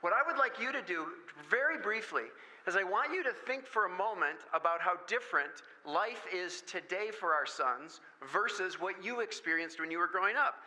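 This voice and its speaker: Man, high-pitched, very bright tone, animated storyteller, parent-meeting talk. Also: normal speed, poor audio. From Michigan, USA. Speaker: guest speaker at a parent meeting. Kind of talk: lively talk with stories. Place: school meeting room.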